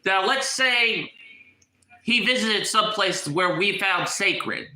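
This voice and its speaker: This YouTuber, a man, sounds stuffed up and nasal, his high, sharply bright voice echoing around the room. Agitated, he talks slowly with lively intonation in a casual vlog, circling back over phrases as he gropes for the right words.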